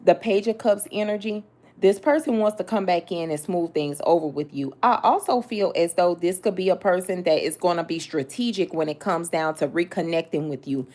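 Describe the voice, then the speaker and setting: A woman's voice: lowish voice, a little mellow. Blunt, sassy woman reading tarot. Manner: blunt, sassy, talks straight to the listener with slang and cursing. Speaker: tarot reader.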